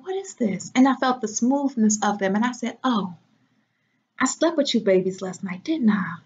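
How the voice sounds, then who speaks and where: A woman from Washington, D.C., chatting casually and rambling on her livestream, using folksy slang. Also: mid-range voice. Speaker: livestream host. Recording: dull lo-fi sound.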